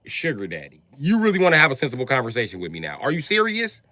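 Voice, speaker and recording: A man's voice: medium pitch, wildly swooping pitch, quick pace, hardly any pauses, pushed and bright, no echo, clean studio sound. A man hosting a livestream who talks in a heated, crude, combative rant. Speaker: livestream host. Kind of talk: profane live-stream rant. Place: livestream setup.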